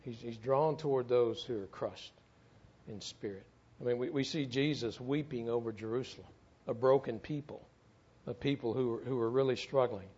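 A man's voice: mid-range voice, moderate pace, darkish tone, husky, lo-fi sound. A middle-aged man tells a story in a sermon, speaking earnestly and often repeating words as he goes. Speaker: church speaker, former firefighter.

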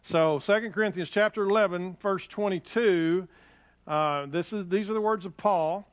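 A man preaching as a pastor in a church, talking in a folksy, conversational way with frequent restarts, and reading scripture with rising emphasis. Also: normal speed. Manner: rises in pitch and volume when reading scripture aloud. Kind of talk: sermon. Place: church sanctuary. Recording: dull, lo-fi sound.

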